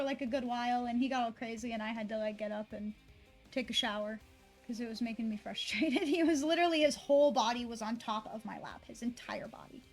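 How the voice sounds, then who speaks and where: A woman's voice: on the high side, a little mellow. A woman streamer chatting casually and rambling, swearing freely and talking to her dog between thoughts.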